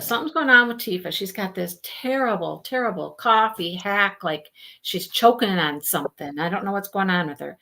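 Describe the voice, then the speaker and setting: A woman hosting a casual live stream, chatting with viewers and telling stories in an animated way. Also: fairly low pitch. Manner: chatty, animated storytelling, greets viewers by name. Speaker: livestream host.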